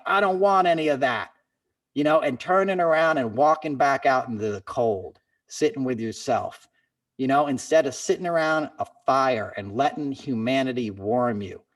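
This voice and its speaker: Podcast host guy, earnest and fired up, kinda far from the mic. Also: a little high. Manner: earnest, impassioned pep talk, calls listener "man" and "brother". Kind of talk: casual chat.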